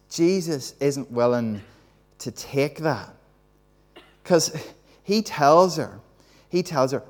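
Male preacher, lively all-age sermon, acts out scenes, quizzes the room, church. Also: medium pitch, slow, long pauses. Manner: animated, acts out the story and quizzes the congregation.

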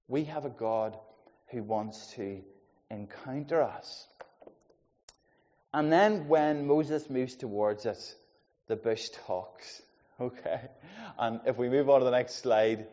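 A man preaching a sermon, swinging between loud emphasis and quiet asides. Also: mid-range voice. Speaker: pastor. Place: church hall. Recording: dull sound in a long-reverb church hall.

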